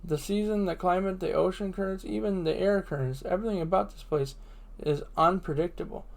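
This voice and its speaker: A blunt old lighthouse keeper speaks gravely and plainly, as a man reads him aloud. The voice sits a little high for a man. Each line comes out matter-of-fact and heavy. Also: fairly quick.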